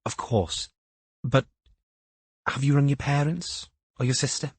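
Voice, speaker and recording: A young policewoman, concerned and tactful, pressing with gentle questions, voiced by a male narrator lifting his pitch. Husky timbre in a dry, close recording. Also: a little slow, no room sound. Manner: careful, questioning.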